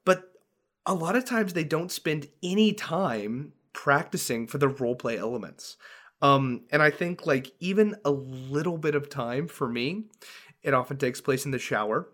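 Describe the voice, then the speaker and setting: A man's voice: a little high, animated, normal speed, fairly bright tone. A man co-hosting a casual podcast, rambling with lots of fillers and laughing as he talks about running tabletop games. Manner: rambling, filler-heavy, laughs while talking. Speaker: podcast co-host and dungeon master.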